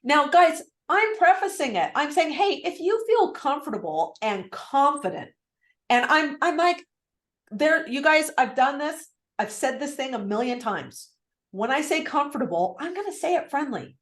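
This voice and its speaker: A woman sales coach teaching on a live video call, lively and acting out phone script lines. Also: high-pitched, moderate pace, echoey room. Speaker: real estate sales coach.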